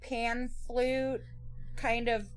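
A woman's voice: fairly high pitch, level tone, extremely slow, clean tone, low-quality recording. A woman co-hosting a podcast, talking bluntly and sarcastically, with some swearing. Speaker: podcast co-host. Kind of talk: casual chat.

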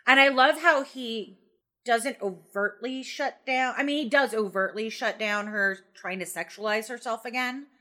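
Bright, frank woman chatting on a podcast. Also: fairly high pitch, normal speed. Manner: animated and frank, swears for emphasis. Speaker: podcast co-host. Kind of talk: casual discussion of a TV episode.

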